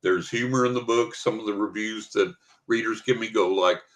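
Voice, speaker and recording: An older man with a fairly low voice rambles through a story. He chuckles as he goes in a casual podcast interview. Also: normal speed, a bit bright. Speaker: guest psychic and author.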